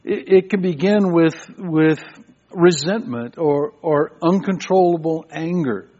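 A man's voice: a little high, warm tone. A man preaching a sermon, often stopping and repeating words as he goes. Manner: halting, repeats words as he speaks. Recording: dull lo-fi recording.

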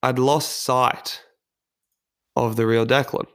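A man's voice: mid-range voice, fairly even intonation, slow pace. A man speaking in an earnest, candid and reflective way, delivering a motivational monologue on personal development.

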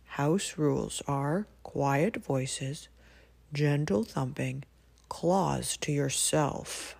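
A woman doing a gentle, patient male musk ox. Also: sits low, gravelly, husky, heavily acted. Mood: firm, patient. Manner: calm, measured, laying down rules.

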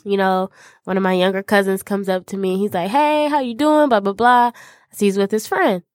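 A woman co-hosting a podcast, telling a party story in lively casual chat. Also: mid-range voice, a little fast, no room sound, studio quality. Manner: animated storytelling. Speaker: podcast co-host.

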